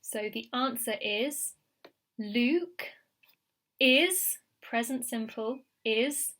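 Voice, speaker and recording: Slow, patient woman teaching English. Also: a little high, animated, fairly bright tone. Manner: patient, repeats words and checks with "okay?". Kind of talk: slow recorded grammar lesson.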